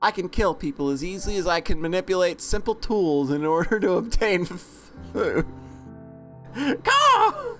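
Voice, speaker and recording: A woman's voice: on the low side, moderate pace, darkish tone, faint music behind. A woman playing through a game and reading its story aloud, giggling and swearing, with crow caws thrown in. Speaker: let's play host.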